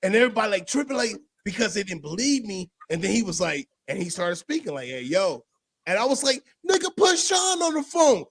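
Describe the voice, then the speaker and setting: In a casual podcast chat, a man with a high-pitched, brisk voice animatedly tells a personal story, acting out other people's voices. He drops to a near whisper at emotional moments, and the clean studio sound has no room sound.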